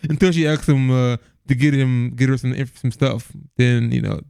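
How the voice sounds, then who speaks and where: A man's voice: medium pitch, measured pace, gravelly, background noise. A man co-hosting a casual movie review podcast, rambling with lots of restarts and laughs. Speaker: podcast co-host.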